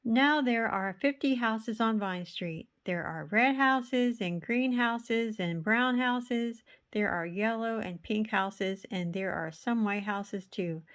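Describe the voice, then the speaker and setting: Slow-reading woman storyteller. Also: mid-range voice, fairly bright tone. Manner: slow, rhythmic, with playful sound words. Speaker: storybook reader. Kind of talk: reading a children's picture book aloud.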